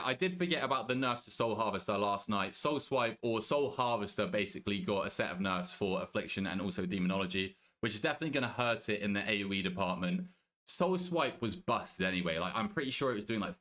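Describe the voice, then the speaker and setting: A young British man streaming a game, chatting casually with his viewers, joking, swearing and thinking out loud. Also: fairly low pitch. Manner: banters with chat, swears casually, thinks aloud. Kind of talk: casual live-stream chat.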